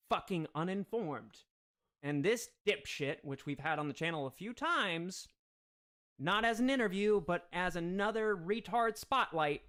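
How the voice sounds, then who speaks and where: High-voiced man in a profane angry rant. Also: a bit bright. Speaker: livestream host. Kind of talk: profane ranting livestream commentary.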